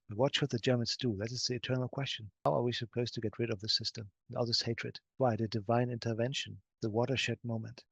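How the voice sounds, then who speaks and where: Guy talking in a hypnosis trance, slow and grave, trails off low, super dry sound. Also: gravelly, no echo. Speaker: hypnosis session client. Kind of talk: speaking in trance, answering questions.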